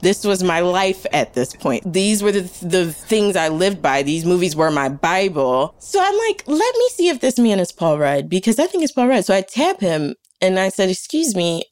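A woman's voice: very animated, moderate pace, hardly any pauses, darkish tone, no echo. A young woman telling a story with great energy, acting out the people in it and laughing as she goes. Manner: acts out quotes with big pitch swings and laughter. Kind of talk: animated storytelling.

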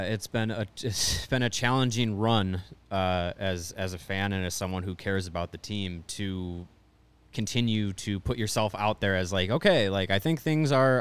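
Low-voiced co-host, measured. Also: male voice, clear, resonant tone. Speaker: podcast co-host. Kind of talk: casual sports podcast chat.

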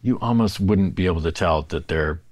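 A man's voice: low voice, normal speed, darkish tone, dry recording. A man from San Francisco co-hosting a casual chat, hesitant with many fillers and repeats. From San Francisco, USA. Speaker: podcast co-host.

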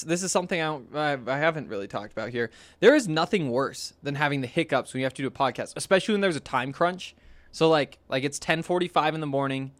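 Young man, podcast host, casual rambling talk, lots of fillers, slightly high voice, dry close sound. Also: fairly bright tone, no echo. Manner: rambling and chatty, with many fillers and restarts.

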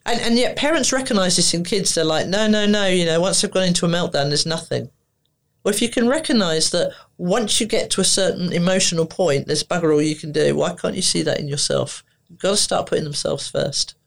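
A woman's voice: lowish voice, brisk, creaky. A woman therapist speaking as a podcast guest, blunt and emphatic, repeating words for stress. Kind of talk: casual podcast conversation.

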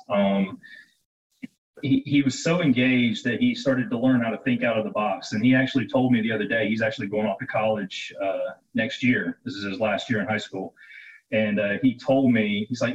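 A man's voice: on the low side, fairly even intonation, normal speed, distant mic, lo-fi sound. A father speaking as a panelist in a round table discussion, telling an anecdote with pride.

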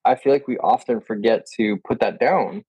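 A man's voice: on the low side, moderate pace, warm tone, breathy edge, no room sound, rough recording. A man in a casual podcast conversation, chatty and enthusiastic, often quoting himself.

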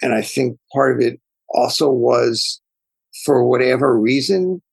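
A man's voice: medium pitch, a little slow, creaky, a little mellow, husky, no echo, poor audio. A man answering interview questions as an author guest, speaking in a thoughtful, digressive storytelling way.

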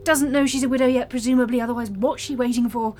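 A woman's voice: a little high, steady tone, mellow, close to an everyday voice. A woman playing a chatty, fussy host who shows a friend around her lighthouse in a radio drama. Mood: flustered. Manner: quick, fussy and rambling.

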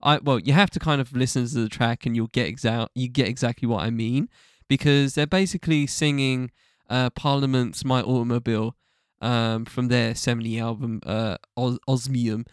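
Speaking at a moderate pace in a steady, mid-range voice, this male podcast co-host chats loosely about music, dropping fillers, restarts and the odd swear word. His tone is clean, and the studio recording is dry and clean.

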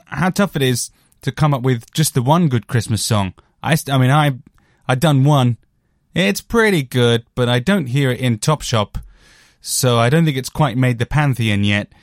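A man's voice: medium pitch, dry recording, studio quality. A British man hosting a casual music monologue, rambling and self-deprecating with lots of fillers. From Britain. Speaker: podcast host reviewing albums.

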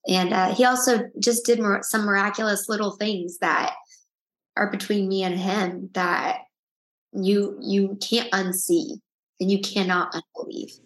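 A woman speaks as an interview guest, telling a personal story with earnest openness and many restarts. Her voice sits mid-pitched and rings slightly in a roomy space. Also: fairly even intonation, a little slow. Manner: earnest, tearful at times, frequent restarts.

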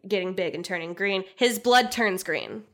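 A woman co-hosting a podcast in casual chat, giggly and animated, filling her talk with "like". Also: mid-range voice, normal speed. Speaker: podcast co-host.

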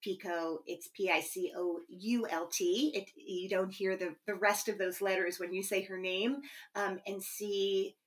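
A woman hosts an interview podcast. She heaps praise on her guest, with soft fillers as she goes. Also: mid-range voice, steady tone, a little slow, few pauses. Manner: effusive, warm praise with fillers. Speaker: podcast host.

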